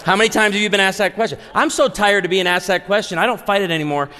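A pastor in his forties preaching a humorous, story-driven sermon to a live audience, animated and acting out dialogue. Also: high voice, fast, a little hiss or hum. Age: 40s. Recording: long hall reverb.

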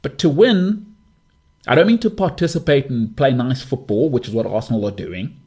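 Husky, opinionated man in his thirties. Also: mid-range voice, normal speed. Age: 30s. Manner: opinionated, emphatic, lively delivery. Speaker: sports podcast host. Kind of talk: casual monologue.

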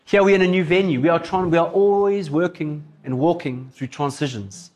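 A man preaching a sermon as a pastor, telling a story in a casual, animated way. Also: fairly high pitch, normal speed.

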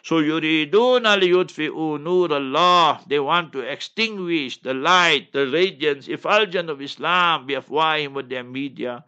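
A man, an Islamic scholar answering listener questions on a call-in show in an impassioned, forceful way. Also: on the high side, smooth, dull audio. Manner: impassioned, forceful, repeats "you must remember".

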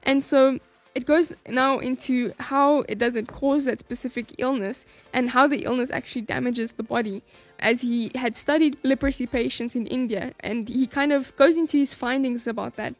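A woman reading a book aloud in a calm, measured way, then giving her review of it. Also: sits high, no room sound, faint music behind.

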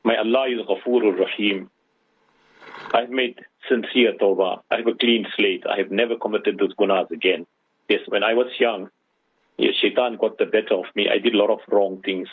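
A man's voice: fairly low pitch, steady tone, moderate pace, slightly rough, no room sound. A male radio host giving religious advice to callers and listeners, preaching with rhetorical questions. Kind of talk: radio Islamic advice talk. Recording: tinny phone-line sound, dry.

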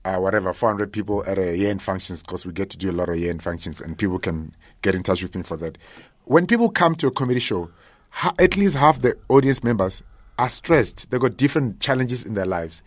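A man, a stand-up comedian talking casually in a radio interview, animated and often laughing. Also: on the low side, brisk, dry recording. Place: radio studio.

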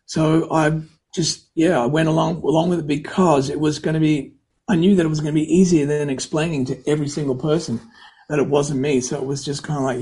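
A man's voice: on the high side, fairly even intonation, fairly quick, darkish tone, breathy edge, poor audio. A middle-aged man and singer-songwriter telling rambling anecdotes in a casual interview, often correcting himself and acting out quoted dialogue. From United States.

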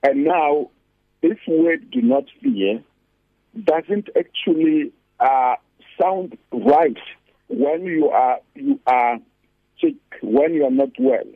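A male pastor calling into a radio show, his husky, gravelly voice squeezed through a tinny phone line. He preaches earnestly, leaning on repeated scripture lines with a lively, rising and falling pitch. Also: slow pace, no room sound. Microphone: phone call-in.

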